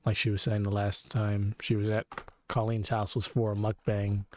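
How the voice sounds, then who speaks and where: A man's voice: on the low side, monotone, normal speed, a little mellow, slight background noise. A man co-hosting a podcast, chatting casually and profanely while reacting to videos. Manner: profane, amused, rambling. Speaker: podcast co-host.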